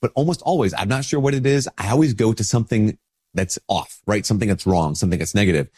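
Priest, low husky voice, stuffed up from a cold, chatty and informal. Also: male voice, fast talker, darkish tone. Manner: conversational, informal, with many restarts and "like". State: sick with a stuffy nose. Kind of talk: casual spoken reflection.

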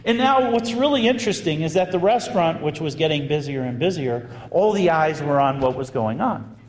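A priest giving a storytelling sermon, his voice sitting a touch high for a man. He talks in a lively, chatty way and hits some words hard. The sound rings around a big room, with a long trailing echo. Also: a little fast. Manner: animated, conversational storytelling with bursts of emphasis. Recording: echoey hall with long reverb.

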